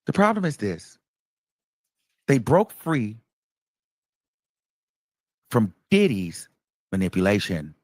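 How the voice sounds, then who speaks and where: A man's voice: fairly low pitch, wildly swooping pitch, slow pace, long pauses, a little mellow, dry recording. A man hosting reaction commentary, emphatic and repeating his points for stress. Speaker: commentary host.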